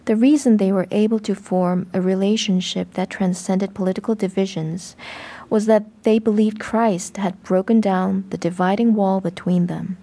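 A woman reading a translated sermon in a measured, even way. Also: medium pitch. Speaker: voice-over reader of a sermon.

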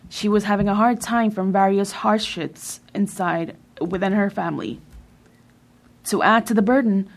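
A woman reading a translated sermon in a measured way, with emphatic pauses. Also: mid-range voice, gravelly. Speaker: sermon reader.

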